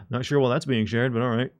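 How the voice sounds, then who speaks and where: A man's voice: medium pitch, fairly even intonation, moderate pace. A man chatting casually to his live-stream audience, joking and rambling with frequent restarts. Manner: joking, rambling, talks to chat.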